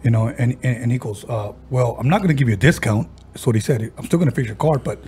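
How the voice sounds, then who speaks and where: A man hosting a podcast, casually retelling a ghost story he heard and slipping into the voices of the people in it, with halting restarts. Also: medium pitch, animated, a little mellow. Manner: halting, with frequent restarts and fillers. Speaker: podcast host.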